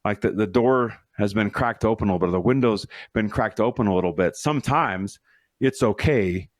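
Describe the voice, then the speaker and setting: A man's voice: on the low side, no room sound, clean studio sound. A middle-aged man hosting a solo podcast as a leadership coach, telling stories in an earnest, motivational, conversational way.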